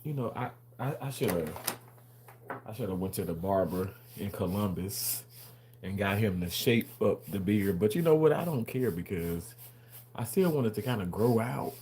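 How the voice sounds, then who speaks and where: A man's voice: on the low side, expressive, normal speed, dark tone, slight background noise. A man hosting a casual livestream, rambling and repeating himself as he answers and argues with viewers in the chat.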